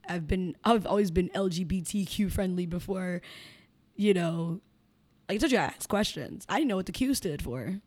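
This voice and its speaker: A woman's voice: on the low side, expressive, normal speed, a little mellow. A young adult woman speaking as a podcast guest, talking frankly and bluntly and laughing often. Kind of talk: candid conversational interview.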